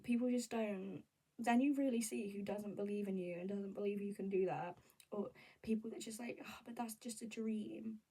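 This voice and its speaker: A young woman vlogging in a candid, rambling, animated casual chat. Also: medium pitch, moderate pace, breathy edge, recorded from a distance, rough recording. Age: young adult.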